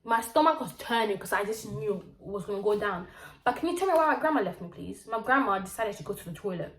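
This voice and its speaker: A young woman from Zimbabwe, telling a story on her vlog in a lively, slangy way. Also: medium pitch, fast. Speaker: vlogger. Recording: roomy echo.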